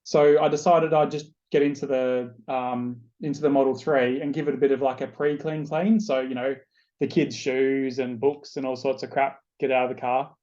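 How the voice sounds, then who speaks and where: An Australian-accented man hosts a podcast and tells a loose, chatty story, swearing freely throughout. His mid-range voice is darkish with little pitch movement and a moderate pace, and the recording sounds muffled.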